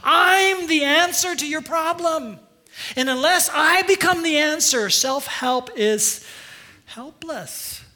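A man's voice: extremely high pitch, slow, sharp tone, pitched above the performer's own voice, exaggerated voice. A man voicing God as a stern, commanding divine figure, speaking with insistent emphasis.

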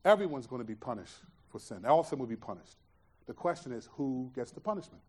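A male pastor preaching a sermon, earnest and emphatic, asking rhetorical questions and dropping to a hush for reflective points. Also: mid-range voice, big pitch swings, fairly quick, husky.

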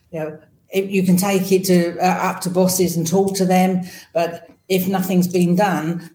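An English woman answering interview questions as a podcast guest over a video call, with thoughtful, halting phrasing. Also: on the low side, a little mellow, reverberant, rough recording. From England. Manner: thoughtful, many restarts and fillers.

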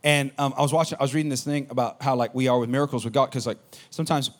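A man giving a sermon, telling a personal story in a casual, animated way that drops low at the quiet moments. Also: racing. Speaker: pastor.

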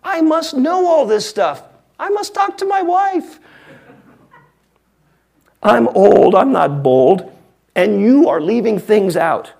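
A man's voice: high-pitched, big pitch swings, creaky, a little mellow, voice pushed up, heavily acted. A preacher voicing a fretful old man who asks anxious questions in rhyme during a sermon. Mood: anxious pleading. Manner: rhyming, anxious, rapid questions.

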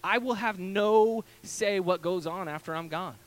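A man, a pastor in his thirties, preaching a casual storytelling sermon from a church stage, animated and full of fillers. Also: high-pitched, unhurried. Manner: animated, acts out quoted voices, many fillers.

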